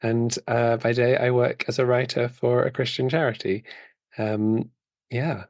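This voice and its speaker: A man's voice: medium pitch, steady tone, unhurried, a little mellow, dry recording, studio quality. An English man in his late thirties, a podcast guest who chats amiably and laughs often. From England. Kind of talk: casual podcast chat. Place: recorded remotely.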